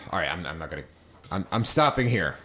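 A man's voice: low voice, sing-song, moderate pace, bright, forceful tone. A man co-hosting a comedy podcast, crude and rambling, with lots of hesitant restarts. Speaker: podcast co-host. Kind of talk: casual comedy chat.

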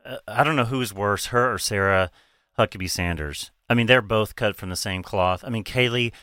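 A man's voice: lowish voice, a little fast, pushed and bright, clear, resonant tone, no echo. A man co-hosting a casual political talk show, blunt and profane, with rambling asides. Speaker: podcast co-host.

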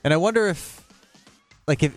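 A man's voice: a little high, moderate pace, no room sound, faint music behind. A middle-aged man co-hosting a morning radio show, easygoing, with short dry reactions. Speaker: radio co-host. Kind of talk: casual morning radio banter. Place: radio studio.

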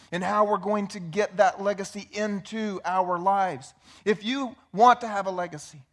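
A man preaching a sermon to his church, emphatic and repetitive, often dropping to quiet low phrases. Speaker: pastor. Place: church sanctuary.

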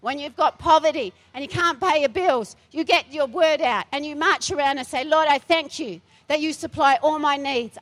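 A woman's voice: high-pitched, a bit bright. A middle-aged woman pastor delivering a feisty, emphatic sermon in a church, repeating her phrases for force.

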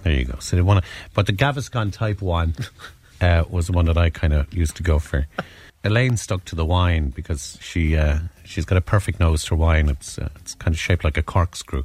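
A man's voice: sits low, normal speed, darkish tone. An Irish man telling a holiday story in casual chat, rambling and self-interrupting, often laughing at his own tale.

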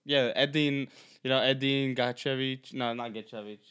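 A man's voice: mid-range voice, steady tone, moderate pace, fairly bright tone, smooth. A young man co-hosting a podcast in casual chat, rambling and riffing with laughs and swearing. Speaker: podcast co-host.

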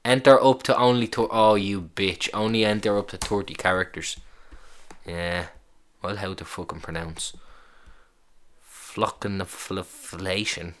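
A man's voice: on the low side, fairly even intonation, normal speed. A man hosting a casual solo podcast, reacting aloud with amused swearing as he browses. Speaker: podcast host.

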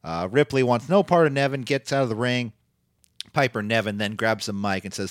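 Low-voiced man rambling through a recap. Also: expressive, normal speed, dry recording, studio quality. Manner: rambling, filler-heavy play-by-play with frequent restarts. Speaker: podcast host recapping wrestling. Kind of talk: casual chat.

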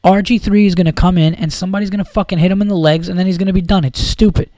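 Guy going off about football, cursing a lot, kinda high voice, dry close sound. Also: fairly even intonation, racing, mellow, dry recording. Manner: heated, profane, rambling. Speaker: podcast host. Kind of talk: casual sports rant.

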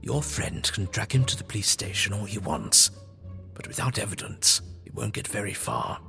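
A man voicing a scheming old male doctor with a smooth, persuasive way of talking, often hushed. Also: fairly low pitch, expressive, normal speed, pitched below the performer's own voice, full character voice. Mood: conspiratorial. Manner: soft-spoken, coaxing. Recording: long reverb, faint music behind.

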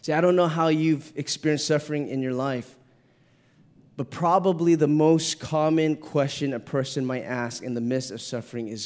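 A middle-aged male pastor preaching a sermon, his voice a little higher than most men's. He speaks earnestly, often repeating words and restarting phrases as he goes. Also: normal speed. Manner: earnest, repeats words when moved, rises to an impassioned pitch in the story.

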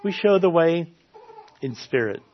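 A man's voice: fairly high pitch, animated, a little slow, a little hiss or hum. A man preaching a sermon in an earnest way, often repeating his key phrases for emphasis. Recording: slightly dull lo-fi sound.

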